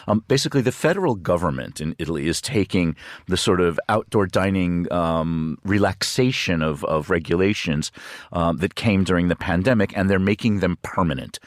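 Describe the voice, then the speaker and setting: A man talking as a studio guest on a news programme, chatty and halting, with fillers and restarts. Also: sits low, no room sound. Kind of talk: news discussion. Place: radio studio.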